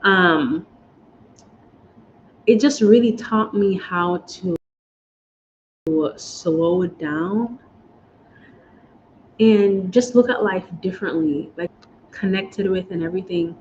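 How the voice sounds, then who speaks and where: A woman vlogger shares her experiences of moving abroad, telling a personal story in a chatty, emotional way and choking up as she speaks to viewers as y'all. Her mid-range, dark voice is slow with frequent pauses, and the recording is slightly dull with faint background hiss.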